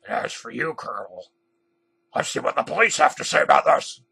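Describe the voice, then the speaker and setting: A man voicing a stern, theatrical male TV executive who yells and lectures. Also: on the high side, animated, brisk, creaky, slightly rough, dry recording, heavily acted. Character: blustering male TV executive boss.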